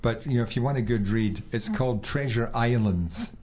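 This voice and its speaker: A man's voice: mid-range voice, normal speed, darkish tone, slight background noise. A man chatting casually on community radio, enthusiastically recommending a book.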